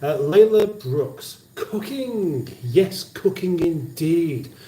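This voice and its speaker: Slow-talking man, mellow roomy sound. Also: on the high side, animated, a little hiss or hum. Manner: chatty, reads viewer comments aloud with dry banter. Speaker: livestream cooking host. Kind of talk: casual livestream chat. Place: home kitchen. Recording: roomy kitchen sound from a distance.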